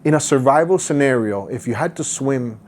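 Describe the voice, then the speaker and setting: A man telling a story on a podcast, full of energy, with plenty of restarts. He slips into high, urgent voices to act out the people in it. His pitch sits mid-range for a man. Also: moderate pace. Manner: excitable, acts out others' voices, many restarts. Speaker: podcast guest, boating content creator. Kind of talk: animated storytelling in casual interview. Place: podcast studio.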